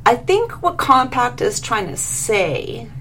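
A woman's voice: on the high side, sing-song, slow pace, a bit bright, a little hiss or hum, voice pushed up, heavily acted. A woman voicing a brash, teasing female divine being in a read-aloud story.

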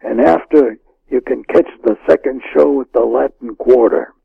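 A man voicing a curt male mobster on the phone in a hoarse whisper, slow and clipped, with a dull, dry studio sound. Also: mid-range voice, dry recording, heavily acted. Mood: hushed, assured.

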